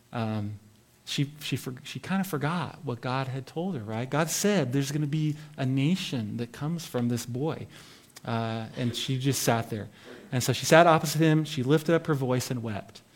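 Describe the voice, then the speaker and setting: Male Bible teacher, mid-pitch, casual devotional tone, reads and comments conversationally. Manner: conversational, reads scripture then comments with asides.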